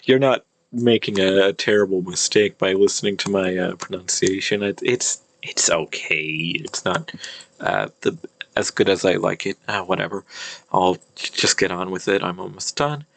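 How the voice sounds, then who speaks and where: A man teaching an old language, thinking aloud, with many fillers and restarts and slow word-by-word reading. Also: sits low, fairly even intonation, creaky, fairly bright tone. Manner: reads old-language text slowly, word by word. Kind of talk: casual screen-share lesson.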